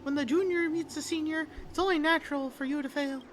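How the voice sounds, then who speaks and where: A woman's voice: high-pitched, fairly even intonation, fast, slight background noise, natural voice. A woman voicing a smug, theatrical male villain who mocks his opponent. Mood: gloating. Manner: mocking, theatrical.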